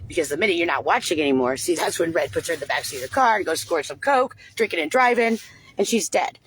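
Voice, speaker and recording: A woman's voice: lowish voice, lively intonation, quick pace, slight background noise. A woman talking unscripted on a livestream, rambling and agitated, with frequent swearing. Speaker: livestream host.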